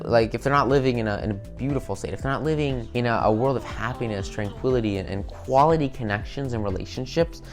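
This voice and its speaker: A man's voice: medium pitch, fast, few pauses, faint music behind. A man giving a casual recorded business lecture, talking loosely with lots of "you know" and repeated words. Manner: conversational, many fillers and repetitions. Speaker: business skills instructor.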